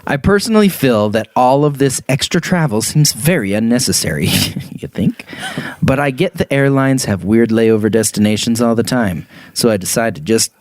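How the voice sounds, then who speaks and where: A man's voice: medium pitch, animated, fairly quick, few pauses, darkish tone, dry recording. A man co-hosting a podcast, reading a dream story aloud in casual chat and laughing often. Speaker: podcast co-host.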